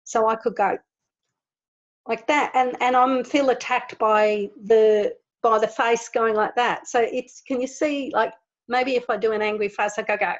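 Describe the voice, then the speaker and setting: A woman leading an online group in an informal spiritual talk, earnest and animated, laughing often as she explains. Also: fairly high pitch, measured pace, dull audio. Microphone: video call.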